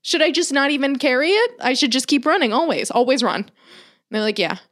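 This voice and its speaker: A woman's voice: sits high, lively intonation, a little fast, fairly bright tone. A young adult woman co-hosting a podcast, telling a story in casual chat with dramatic quoted asides and plenty of swearing. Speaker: podcast co-host.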